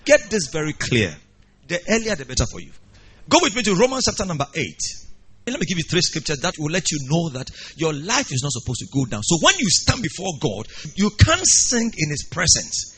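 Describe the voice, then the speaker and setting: A man's voice: wildly swooping pitch, fairly quick, husky. A man preaching a sermon with dramatic, rising and falling delivery. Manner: dramatic preaching with wide swings of pitch and loudness. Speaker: pastor.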